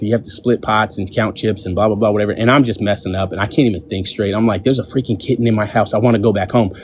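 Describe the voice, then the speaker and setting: A man telling a casual story to his viewers from his home, animated and full of restarts. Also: fairly low pitch, a little hiss or hum. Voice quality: animated, lots of restarts and "I'm like" quotes. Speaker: vlogger telling a pet story. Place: home, indoors.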